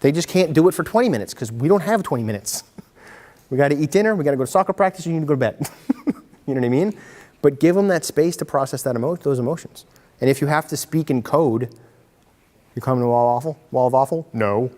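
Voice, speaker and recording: A man giving a lively workshop talk to parents, acting out kids and parents in quick voices. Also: a little high. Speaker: workshop presenter. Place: meeting room. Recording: hall reverb from a community-TV taped talk.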